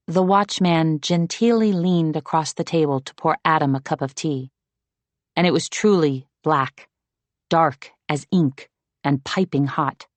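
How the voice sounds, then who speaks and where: A low-pitched woman delivers scripted audiobook narration with a calm, even storytelling manner, and no room sound can be heard.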